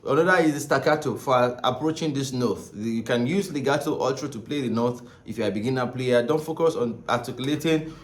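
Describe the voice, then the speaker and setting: In an echoey room with faint background noise, a saxophone teacher talks fairly quickly in a mid-range voice. His casual lesson rambles and repeats, punctuated by frequent "right?" and "okay?" check-ins.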